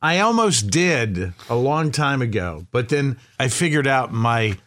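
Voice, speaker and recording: A man co-hosting a casual chat show, chatty and quick to laugh. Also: medium pitch, sing-song, a bit bright. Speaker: podcast co-host.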